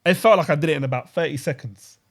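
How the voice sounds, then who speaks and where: A young man tells a personal story on a podcast. He talks quickly in a fairly high voice, full of slang, and acts out what people said. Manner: animated storytelling with London slang, acting out quotes. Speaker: podcast co-host. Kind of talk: casual chat, personal story.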